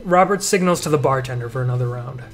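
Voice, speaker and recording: A young man playing a dating game, reading its text aloud with playful, joking asides. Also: medium pitch. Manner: playful, quick asides, reads dialogue aloud. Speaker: let's-play gamer.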